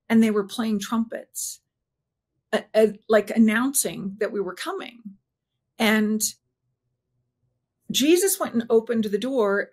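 A woman in an interview, telling a personal story earnestly and haltingly, often restarting her sentences and slowing down at emotional points. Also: medium pitch, a little mellow. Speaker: interview guest.

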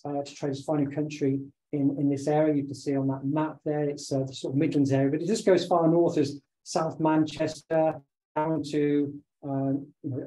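A man, slightly hoarse from talking all day, giving a conversational online presentation with many filler sounds. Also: on the high side, warm tone, rough recording. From United Kingdom. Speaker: webinar presenter and business owner. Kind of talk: online presentation over slides.

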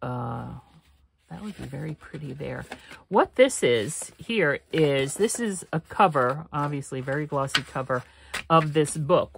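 A woman's voice: low voice, vocal fry, a little hiss or hum. A woman hosting a paper craft channel, chatting casually while she works, rambling through her talk with frequent laughs and restarts.

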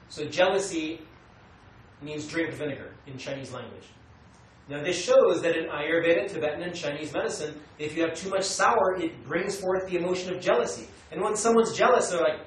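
An American man teaching a class, animated, acting out quotes and telling students what to note down. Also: fairly high pitch. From United States. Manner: animated, acts out quotes, tells students to take notes. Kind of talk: classroom lecture. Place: meditation center lecture room. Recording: echoey room, mic far away, light noise.

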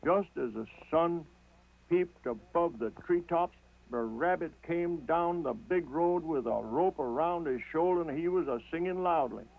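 A storyteller tells a folk tale in a slow, rhythmic, folksy manner, his creaky voice a little high for a man. The audio sounds thin and tinny, like an old television broadcast.

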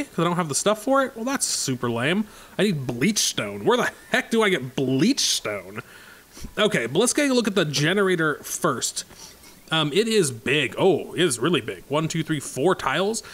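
A man's voice: a little high, a bit bright. A man casually commenting on his own gameplay, thinking aloud in a chatty way with many fillers. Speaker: let's play host.

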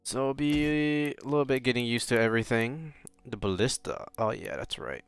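A man casually commenting on a game he plays, rambling, swearing and bursting out loud. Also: medium pitch, animated, normal speed, vocal fry, clear, resonant tone. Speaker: let's play host.

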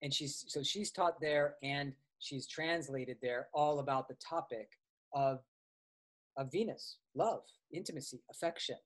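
A man's voice: on the high side, a little slow, a bit bright. A man teaching astrology in a casual, conversational way, with frequent fillers and restarts as he tells personal stories. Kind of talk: casual explanatory lecture.

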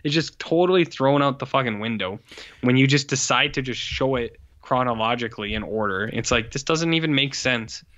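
A man's voice: mid-range voice, a little fast, a bit bright, muffled recording. A man co-hosting a casual film review podcast, blunt and scornful, swearing often. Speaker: podcast co-host.

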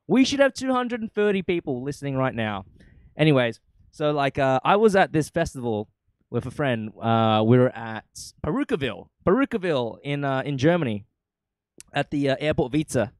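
A man's voice: medium pitch, normal speed, dry recording. A young man who DJs and streams, chatting casually between mixes, telling a rambling story with lots of swearing. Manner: excitable, profane, rambling storyteller. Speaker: DJ and live streamer. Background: faint dance music.

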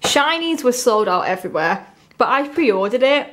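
A woman's voice: on the high side, normal speed. A young woman from England chatting casually as she unboxes a haul, gushing and exclaiming often. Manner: gushing, repeatedly excited, lots of "oh my god".

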